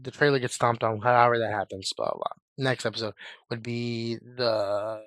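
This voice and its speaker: Hoarse guy with a cold doing a chill fan video, rambles a lot, um um, dry close sound. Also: mid-range voice, lively intonation, normal speed, a bit bright, no echo. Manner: rambling, filler-heavy, shrugs things off with "blah, blah". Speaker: YouTube host. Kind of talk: casual fan-theory chat.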